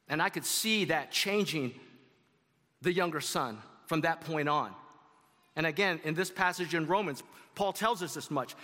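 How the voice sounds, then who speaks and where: A man's voice: fairly high pitch, pushed and bright, big-room sound. A man preaching a sermon to his congregation in a conversational way, with asides to the audience. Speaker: pastor. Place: church sanctuary.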